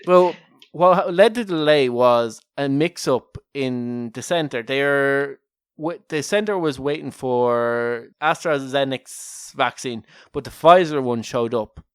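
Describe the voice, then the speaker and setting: A man's voice: mid-range voice, clean tone, no echo, clean studio sound. An Irish man co-hosting a casual comedy podcast, telling a story in a jokey way and laughing often at his own lines. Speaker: podcast co-host.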